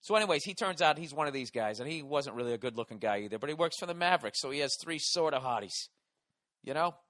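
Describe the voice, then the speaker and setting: A hoarse man hosting a podcast, delivering a profane, exasperated comedic rant. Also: a little high, lively intonation, fast, fairly bright tone, dry recording, clean studio sound. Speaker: podcast host.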